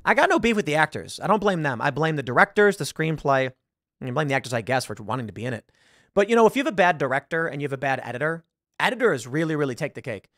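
Talking quickly in a somewhat high, sing-song, slightly bright voice, this podcast host meanders through film chat on his casual show, looking things up online and performing lines. The audio is studio quality with no room sound.

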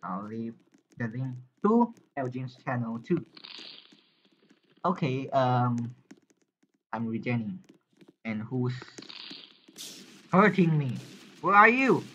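A man hosting a live game commentary, excitable and often shouting as he plays. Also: mid-range voice, slow, long pauses, dull audio, slight background noise. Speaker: gaming channel host.

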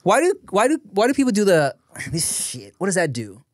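Homme animateur de podcast, voix un peu aiguë, conversation décontractée, micro sec de studio. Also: male voice, high-pitched, huge pitch swings, fairly quick, dry recording. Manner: laughing, sing-song storytelling. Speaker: podcast co-host. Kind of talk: casual podcast chat.

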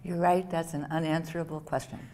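A woman speaking as a law professor on a conference panel, measured and dry. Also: sits low, little pitch movement, a little mellow, slight background noise. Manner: measured, dry, with small laughs. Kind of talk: panel discussion answer. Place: conference hall.

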